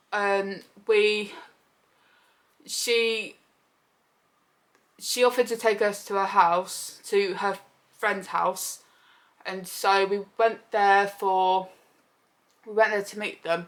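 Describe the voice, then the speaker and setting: A woman's voice: medium pitch, slow pace, long pauses. A young woman, telling a personal story in a casual, chatty vlog and acting out what people said. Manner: chatty, animated retelling with quoted voices. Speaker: vlogger.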